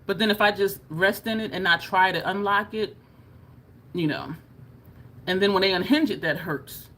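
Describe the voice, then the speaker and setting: A woman's voice: mid-range voice, normal speed, fairly bright tone. Chatty woman telling a story. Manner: chatty, laughing, demonstrating on her own jaw. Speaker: beauty vlogger. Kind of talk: casual storytelling to camera.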